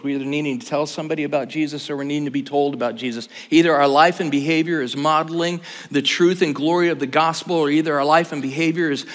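A man in his sixties preaching a sermon, talking casually and joking with his audience. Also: a little high. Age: 60s. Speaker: pastor. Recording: long hall reverb.

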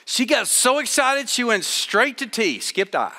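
A man preaching a sermon to a live audience, telling a story with animated voices for the people in it. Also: sits high, a little slow, pauses often, big-room sound.

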